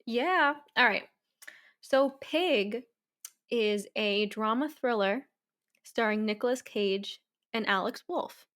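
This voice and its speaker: A woman's voice: fairly high pitch, slow, a bit bright. A woman co-hosting a film review podcast, talking casually and laughing along with her friend. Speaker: podcast co-host.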